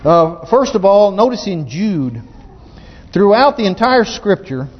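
A high-voiced man preaches with folksy fervor, often restarting his sentences. His voice rings through a long reverberant hall, and the recording is dull and muffled. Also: very animated, unhurried. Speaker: pastor. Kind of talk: sermon.

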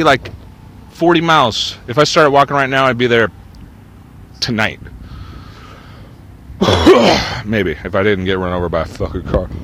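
A man's voice: mid-range voice, fairly bright tone. Profane rambling man. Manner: profane, ranting, drifting between topics. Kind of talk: rambling monologue.

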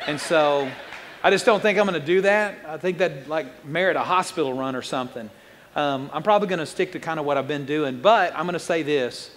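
Man, pastor, sermon, quick and jokey, high-pitched, long hall reverb. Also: a bit bright. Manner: fast-talking, jokey and conversational.

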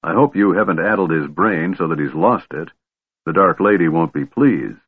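A man doing a deep, gruff big warrior. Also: moderate pace. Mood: stern. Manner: deep, growling. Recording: tinny phone-like band, dry.

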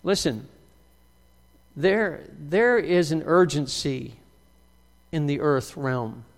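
A man preaching a sermon as pastor, emphatic, swinging from loud outbursts to quiet, drawn-out lines. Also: a little high, big-room sound.

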